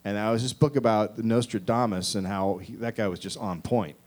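A man in his forties doing a rambling, profane stand-up set, with shouted mocking impressions. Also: lowish voice, fairly even intonation, a little fast. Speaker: stand-up comedian. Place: comedy club stage with live audience.

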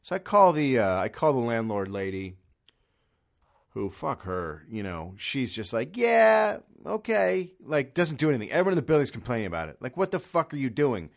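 A man hosting a podcast alone at home, ranting comically in an exasperated, profane way with sudden loud bursts. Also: mid-range voice, sing-song, a little fast. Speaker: podcast host. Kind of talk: solo comedic rant. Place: son's room in an apartment. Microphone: studio microphone.

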